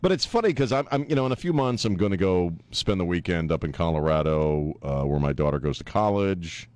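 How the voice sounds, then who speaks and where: A man's voice: deep voice, expressive, brisk, darkish tone, no echo. A middle-aged man hosting a talk radio show, rambling and joking in casual banter. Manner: rambling, joking, laughs often.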